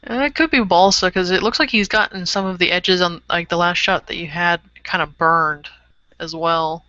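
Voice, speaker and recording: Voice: medium pitch, moderate pace, pushed and bright, no echo. A co-host in a casual chat about painted miniatures, talking hesitantly with many fillers. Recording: dry lo-fi sound.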